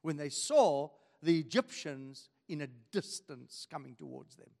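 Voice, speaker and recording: A man's voice: a little high, lively intonation, a little slow, gravelly, darkish tone. A man preaching a sermon as pastor, asking the congregation questions as he reads and explains scripture. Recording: long hall reverb.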